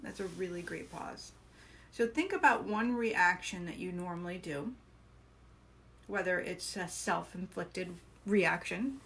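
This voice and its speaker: A woman's voice: fairly low pitch, a little slow, vocal fry, fairly bright tone. A woman hosting a live coaching stream, talking earnestly and encouragingly, asking her viewers questions.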